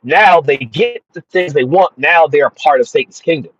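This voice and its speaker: A man's voice: fairly high pitch, normal speed, fairly bright tone, husky, dry recording. A man giving an emphatic, repetitive religious monologue about spirits. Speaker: spiritual commentator. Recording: dull dry lo-fi sound.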